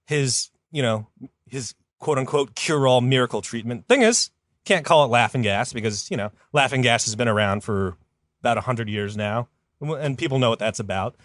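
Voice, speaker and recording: A man hosting a comedy podcast, telling a story in a rambling, casual way with lots of fillers, and jumping up in pitch when he quotes someone. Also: animated, normal speed, fairly bright tone, no room sound, clean studio sound. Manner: rambling, many fillers, jumps high for quoted voices.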